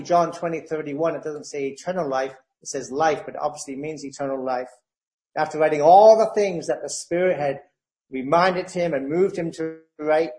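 A man preaching a sermon, reading scripture passages with rising emphasis and slowing down on verse references. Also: a little high, darkish tone, rough recording.

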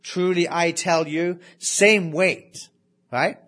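A man preaching a sermon, animated and full of rhetorical questions, dropping to a near hush to stress key words. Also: sits high, slow.

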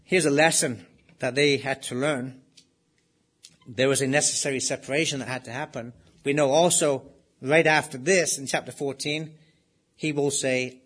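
A man's voice: mid-range voice, steady tone, normal speed, fairly bright tone, breathy edge. A middle-aged man preaching a sermon, explaining scripture in a conversational way, with rhetorical questions and emphatic readings of the text. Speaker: pastor. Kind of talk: expository sermon.

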